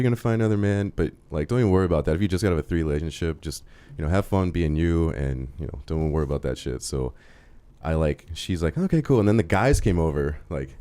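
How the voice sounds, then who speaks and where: A man's voice: deep voice, dark tone. A young man in his twenties rambling through a story on a comedy talk show, with lots of fillers, acting out the quotes. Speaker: co-host telling a story.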